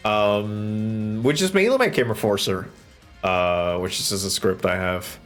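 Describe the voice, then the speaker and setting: A man's voice: lowish voice, animated, measured pace, soft background music. A man streaming live from a home setup, chatting casually and rambling with jokes and bursts of swearing while he codes. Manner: rambling and jokey, with sudden swearing outbursts. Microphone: desk microphone close in front.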